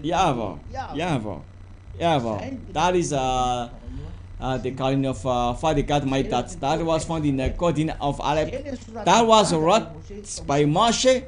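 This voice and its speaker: A man preaches a teaching sermon, his high voice moving slowly and haltingly. He fills gaps with "uh" and repeats key words over and over for emphasis.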